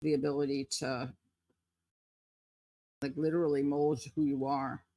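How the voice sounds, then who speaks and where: A woman's voice: very deep voice, little pitch movement, measured pace, warm tone. A woman co-hosting a podcast, speaking thoughtfully and hedging her points with frequent "like" and "kind of.". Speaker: podcast co-host. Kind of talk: casual reflective chat.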